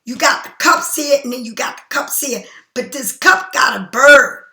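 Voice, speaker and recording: A woman's voice: high voice, lively intonation, moderate pace, creaky, pushed and bright, roomy sound. A woman giving a casual tarot reading straight to the viewer, repeating herself for emphasis as she offers spiritual encouragement. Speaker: tarot card reader.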